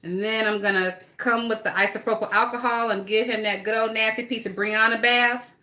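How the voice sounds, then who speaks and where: A woman's voice: fairly high pitch, fairly even intonation, a little fast, sharp tone. A woman chatting casually and gossiping bluntly, with a lot of swearing, while she works on a craft project. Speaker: vlogger.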